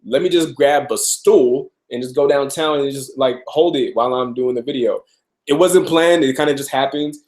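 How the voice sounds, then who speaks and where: A young man from Arizona, a little sick and often clearing his throat, chatting loosely with viewers in a live Q&A, full of ums and restarts. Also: mid-range voice, moderate pace, a little mellow. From Tucson, Arizona. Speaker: rapper answering viewer questions. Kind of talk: casual live Q&A stream.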